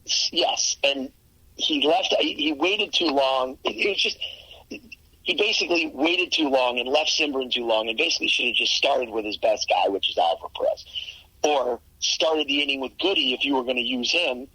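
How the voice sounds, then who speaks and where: A man co-hosting a sports podcast in casual chat, analytical and quick to correct details, with a husky voice. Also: medium pitch, sharp tone, no room sound, rough recording. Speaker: podcast co-host.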